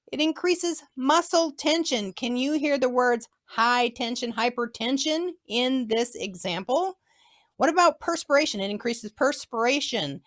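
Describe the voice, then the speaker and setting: A woman co-hosting a health talk show, explaining in a clear, lecturing way. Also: high-pitched. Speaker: co-host.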